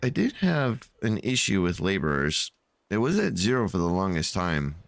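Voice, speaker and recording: Very low-voiced tired man narrating gameplay. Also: huge pitch swings, normal speed, creaky, no room sound. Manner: rambling and tired, frequent yawns and fillers. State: sleepy. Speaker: gameplay channel host. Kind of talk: casual game commentary. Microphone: desk microphone.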